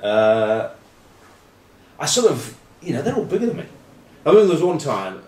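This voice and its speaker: A man's voice: on the high side, sing-song, moderate pace, a little mellow. A man, rambling wryly and cheekily in casual rugby chat to camera. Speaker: rugby pundit and vlog host. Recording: roomy echo, distant mic.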